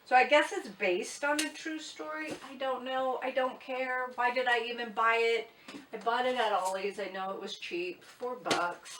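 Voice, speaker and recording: A woman's voice: fairly high pitch, normal speed, background noise. A woman talking casually in a book vlog, chatty and blunt, poking fun at herself. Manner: chatty, blunt, self-mocking. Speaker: booktuber. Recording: echoey room, mic at a distance.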